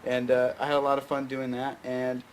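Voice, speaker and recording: A man's voice: mid-range voice, completely flat delivery, fairly quick, a little hiss or hum. Rambling young man telling a story. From Fayette County, Tennessee. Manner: rambling, many fillers and restarts. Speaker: guest filmmaker. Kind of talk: casual storytelling interview.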